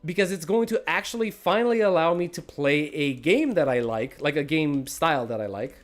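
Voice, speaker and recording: A man's voice: fairly high pitch, lively intonation, normal speed, faint music behind. A man giving casual live commentary while playing a game, rambling and self-deprecating as he thinks aloud. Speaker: gaming livestreamer.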